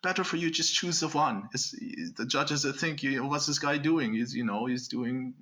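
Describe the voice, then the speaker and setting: A man voicing a middle-aged German competition organizer in a mock German accent, with halting, formal phrasing. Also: medium pitch, sharp tone, natural voice. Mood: firm, advising.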